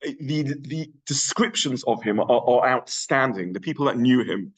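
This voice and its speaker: A middle-aged man giving an adult education lecture, thoughtful and pausing with many fillers and restarts. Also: medium pitch, expressive, breathy edge, poor audio.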